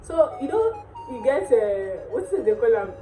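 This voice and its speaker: A woman's voice: sits high, sing-song. Playful Nigerian woman teaching words. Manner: playful, repeats words slowly, laughs often. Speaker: dialect teacher and channel host. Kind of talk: casual language lesson to camera. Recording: echoey room with faint music.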